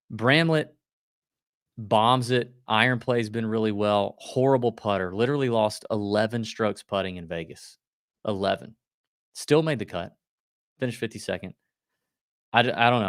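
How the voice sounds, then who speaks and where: A man co-hosting a golf betting podcast, talking in a quick, loose, joking way. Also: fairly low pitch, no room sound, clean studio sound. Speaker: podcast co-host. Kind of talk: casual golf betting chat.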